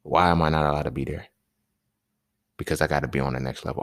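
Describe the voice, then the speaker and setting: A man's voice: extremely low pitch, fairly even intonation, fast, vocal fry, no echo, clean studio sound. A man hosting a podcast, talking in a casual, emphatic monologue full of slang and repeated points. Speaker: podcast host.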